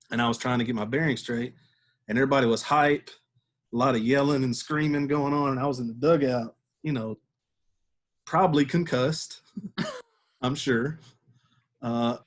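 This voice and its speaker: A man, a podcast guest telling a story in a laid-back way and laughing as he goes. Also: medium pitch. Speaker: podcast guest, former catcher. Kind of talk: casual storytelling.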